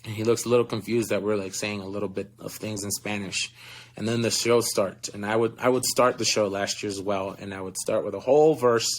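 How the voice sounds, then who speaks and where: An earnest young man in his twenties talks through stories from touring as an actor, with a fairly low voice. He fills his sentences with casual fillers and laughs often between thoughts. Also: steady tone, fairly quick, slight background noise. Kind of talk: casual interview storytelling.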